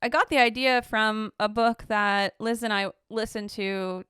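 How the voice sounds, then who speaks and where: A woman's voice: a little high, steady tone, a little slow, pushed and bright, clear, resonant tone, no echo, clean studio sound. A woman co-hosting a podcast, chatting casually with hesitant, searching phrasing. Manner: hesitant, many fillers and restarts. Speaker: podcast co-host. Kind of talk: casual chat.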